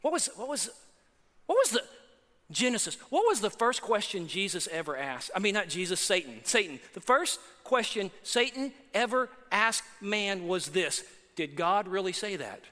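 A man's voice: high voice, very animated, moderate pace, sharp tone. A man preaching a sermon as pastor, emphatic, with rhetorical questions and asides to the congregation. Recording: long hall reverb.

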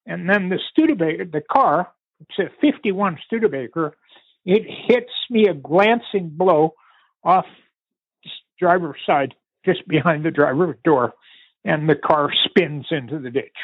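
Older Canadian man, husky storyteller, dry tinny phone-line sound. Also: fairly high pitch, lively intonation, no room sound. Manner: unhurried, vivid storytelling with pauses and restarts. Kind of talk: recounting a family story in conversation.

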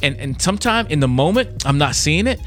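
A man's voice: fairly high pitch, big pitch swings, a little fast, a bit bright, faint music behind. A middle-aged man and father giving an earnest, conversational devotional talk on parenting. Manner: earnest and conversational, acts out kids' voices. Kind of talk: informal devotional teaching.

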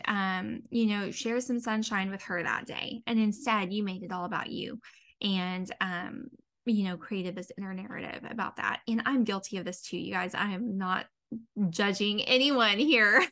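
A woman's voice: mid-range voice, creaky, fairly bright tone. An earnest woman in her thirties hosts a solo podcast, speaking in a mid-range voice. She talks heartfelt and unscripted, full of fillers like "um" and "you know". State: tearing up, near crying. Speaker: podcast host, dietitian and mindset coach.

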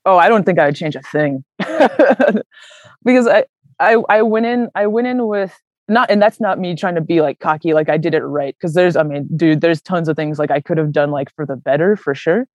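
Animated young woman, chatty, filler-heavy. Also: lowish voice, normal speed, no room sound, dull audio. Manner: animated, many fillers like "like" and "man", acts out quoted voices. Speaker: interview guest, long-distance hiker. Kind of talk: casual storytelling interview.

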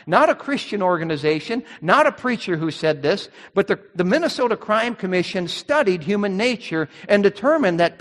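A man's voice: high voice, big-room sound. A man preaching a sermon as pastor, emphatic and rising on key words.

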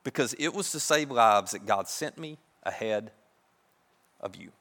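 A preacher with a bright, ringing voice tells his story with animated energy, slipping into the voices of the people in it. His words carry a long reverb from a large hall. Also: lowish voice, unhurried. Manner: animated, acts out characters' voices. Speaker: pastor. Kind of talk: sermon storytelling.

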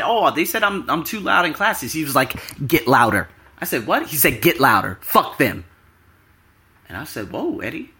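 An animated man talks straight to his viewers in a casual vlog. His voice is bright and his pitch swings widely as he presses his points with emphasis. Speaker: YouTuber and podcaster.

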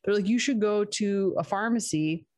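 A woman's voice: medium pitch, moderate pace, dry recording. A young woman telling a story in casual chat, laughing often and acting out the people in it. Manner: animated, laughing, quotes others in her story.

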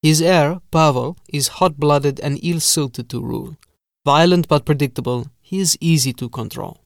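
A man voicing a sinister, formal castle steward who speaks softly and drags out his vowels. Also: a little high, dry recording, studio quality, close to an everyday voice. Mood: sinister calm. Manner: soft, measured, drawn-out vowels.

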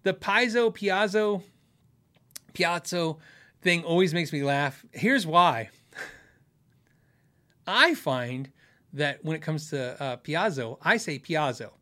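A man's voice: on the high side, expressive, slow pace, long pauses, sharp tone. A middle-aged man hosting a guitar show, chatting casually with viewers, rambling and laughing often at himself. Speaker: host of a guitar show answering viewer questions. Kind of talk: casual live-stream chat.

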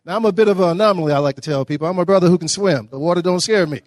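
A middle-aged man with a drawl gives a motivational talk and spins humorous stories with animated energy. His voice sits a little high for a man, and the sound is close and dry with no room echo. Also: very fast. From Dallas, Texas. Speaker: guest speaker. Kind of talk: motivational storytelling speech. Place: breakfast event hall.

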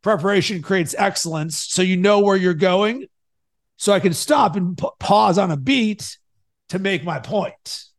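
A man hosting a podcast and coaching his guest, energetic, swinging between loud and soft to make his points. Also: sits high, unhurried. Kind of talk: coaching conversation.

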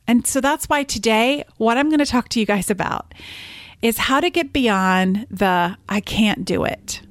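A woman in her thirties hosting a solo podcast. She tells stories in an animated way and often laughs. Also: fairly high pitch, normal speed, dry recording. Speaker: podcast host and business coach. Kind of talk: casual solo podcast talk.

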